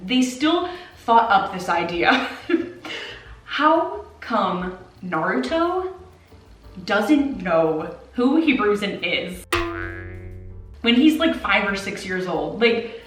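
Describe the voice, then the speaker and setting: A woman's voice: mid-range voice, sing-song, very slow, long pauses, faint music behind. Woman doing a casual commentary rant, incredulous, laughs a lot, kinda far off the mic in an echoey room. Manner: exasperated, incredulous, laughs often. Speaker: anime commentator. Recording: roomy, distant from the mic.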